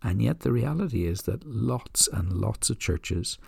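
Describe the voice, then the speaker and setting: Guy telling a story slow and gentle, husky voice, dry close mic. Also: fairly low pitch, lively intonation, no echo. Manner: gentle, unhurried storytelling with soft asides. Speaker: podcast host. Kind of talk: reflective storytelling talk.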